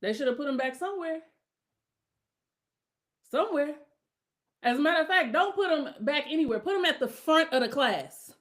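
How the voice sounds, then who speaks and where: A middle-aged woman hosting her own podcast, talking casually and bluntly with strong opinions, now and then rising into loud emphatic outbursts. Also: high voice, animated, normal speed, pauses often. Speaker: podcast host. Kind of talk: casual solo podcast rant.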